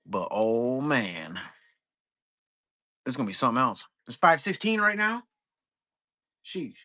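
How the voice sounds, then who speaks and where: Bright-voiced man rambling on a livestream. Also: mid-range voice, sing-song, slow pace, no room sound, clean studio sound. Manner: rambling, profane, laid-back. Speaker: trading card break seller. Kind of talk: casual livestream chat.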